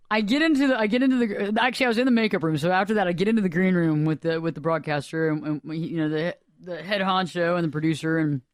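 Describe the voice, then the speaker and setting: A man hosting a radio show, telling a story in a rambling, animated, dramatic way. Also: sits high, smooth, dry recording, clean studio sound. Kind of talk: casual storytelling chat. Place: radio studio.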